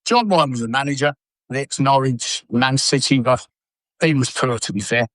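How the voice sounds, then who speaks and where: An older former footballer telling blunt, sweary stories in an interview. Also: male voice, medium pitch, normal speed, no room sound, rough recording. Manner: blunt, sweary, animated anecdotes. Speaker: former footballer and manager, guest. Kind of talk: casual storytelling interview.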